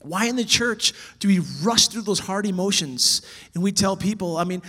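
A man teaching church workers about children's ministry, animated, swinging from loud emphasis to soft whispers. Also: high voice, moderate pace.

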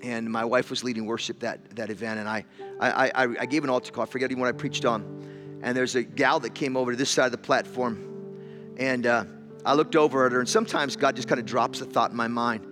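Preaching to an audience in a church hall, a pastor tells a story, repeating words as the intensity rises to a loud, emotional peak. He speaks briskly in a steady mid-range voice, with music playing in the background.

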